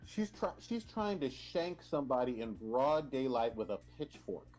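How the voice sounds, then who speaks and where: A man's voice: mid-range voice, very animated, moderate pace, a little mellow. A man with a mid-range voice co-hosts a casual livestream chat about anime. He talks freely, stumbling and restarting his sentences and swearing now and then. Faint music plays behind him. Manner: stammering restarts, chatty, swears. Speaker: livestream co-host.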